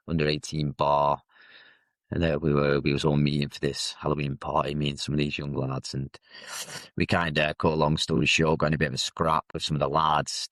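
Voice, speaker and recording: Man in his 30s, guest storyteller, very low and level voice, dry close sound, halting and reflective. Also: a bit bright, dry recording. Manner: reflective, halting, with frequent fillers and restarts. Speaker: podcast guest. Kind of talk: candid personal storytelling.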